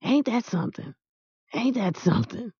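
A woman's voice: fairly high pitch, big pitch swings, normal speed, mellow, slightly rough, dry recording, pitched above the performer's own voice, heavily acted. A woman voicing a grizzled, shy old man who works at a park, talking hesitantly with folksy, ungrammatical speech, in a dull, dry recording. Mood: marveling.

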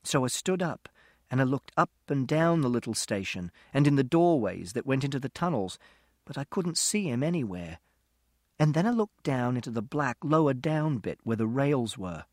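A man's voice: medium pitch, sing-song, moderate pace, darkish tone, dry recording, clean studio sound. A man narrating a first-person audiobook in a plain, literal, detail-listing way.

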